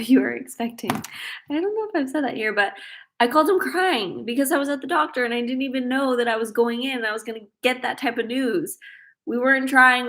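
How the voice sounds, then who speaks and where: A woman's voice: a little high, bright, forceful tone. Bubbly, giggly woman chatting live. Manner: chatty and giggly, reading viewer questions aloud. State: pregnant. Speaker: host. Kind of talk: casual livestream Q&A.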